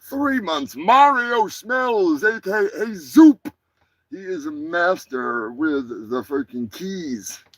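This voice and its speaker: A man hosting a crude comedic live show, brash and profane, rambling through shout-outs to his viewers. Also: high-pitched, big pitch swings, slow, no room sound, poor audio. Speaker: host.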